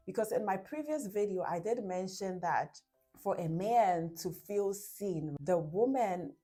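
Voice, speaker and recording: A woman's voice: medium pitch, expressive, measured pace, mellow, faint music behind. A woman giving relationship advice to camera in a casual talk. She explains with everyday examples, acts out little quotes, and often checks in with "right?".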